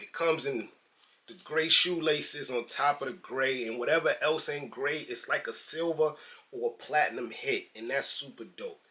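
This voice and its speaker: A man's voice: mid-range voice, bright, forceful tone. A man from New York doing a laid-back, slangy sneaker unboxing review and calling his viewers guys and man.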